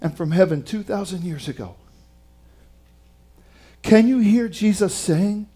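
A man with a high-pitched, husky voice preaches a sermon a little slowly, with long pauses. He reads scripture and retells it dramatically and emphatically, his loudness swinging widely.

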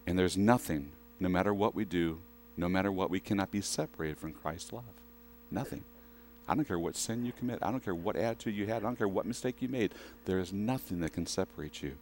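A man's voice: low voice, animated, a little fast, darkish tone, faint music behind. A man preaching a sermon in a conversational way, often asking the congregation questions. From western United States.

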